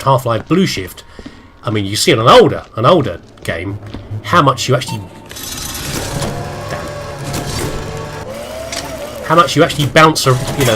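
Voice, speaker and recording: A British man chatting his way through a video game, rambling and poking fun at himself as he plays. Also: mid-range voice. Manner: chatty, self-deprecating, talks to himself while playing. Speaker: let's play host. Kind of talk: rambling gameplay commentary.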